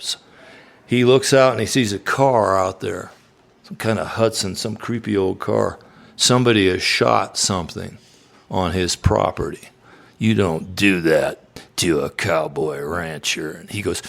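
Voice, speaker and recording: A singer-songwriter on a live stage, spinning a story with lively energy and slipping into the voices of its people. His voice sits low with a gravelly rasp. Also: measured pace. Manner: animated storyteller, acts out quoted voices.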